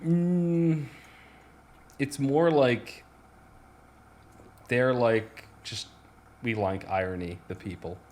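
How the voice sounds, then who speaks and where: A man's voice: mid-range voice, extremely slow, pauses often, darkish tone. A man co-hosting a podcast, telling stories in a casual, rambling way with lots of restarts and fillers. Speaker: podcast co-host. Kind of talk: casual chat.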